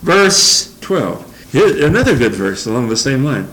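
A man's voice: medium pitch, very animated, measured pace, fairly bright tone, poor audio. An older man giving an informal, folksy Bible study, rambling through verses and chuckling between thoughts. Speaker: Bible teacher.

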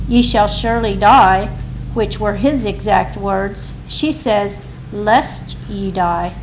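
A woman reads a devotional commentary in a measured, deliberate way. Her voice sits a little high, and she takes an unhurried pace. A faint hiss runs underneath. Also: low-quality recording. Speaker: reader. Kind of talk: scripted reading of a devotional commentary.

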